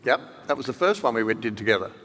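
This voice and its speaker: A man hosting a live book talk, asking questions with a dry, teasing, deadpan manner. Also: mid-range voice, quick pace. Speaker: interviewer and event host. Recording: reverberant hall with audience.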